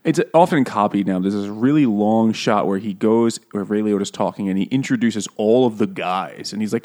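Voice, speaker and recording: A man's voice: fairly low pitch, normal speed, hardly any pauses, darkish tone. Laughing, swearing man in casual chat. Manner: laughing often, swearing, mimicking characters in goofy voices. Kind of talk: casual chat about a book and film.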